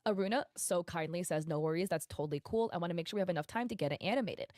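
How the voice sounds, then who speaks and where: A woman's voice: fairly low pitch, very fast, darkish tone, dry recording, studio quality. A woman streamer reading out a thread of posts and messages, breaking in with indignant, emphatic asides. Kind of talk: livestream commentary reading posts aloud.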